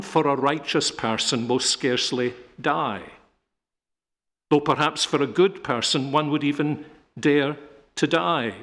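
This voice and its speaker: A middle-aged man preaching a sermon, emphatic, rising to loud peaks and dropping to quiet, slow stresses. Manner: emphatic, building to loud peaks then dropping low and soft. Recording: long hall reverb.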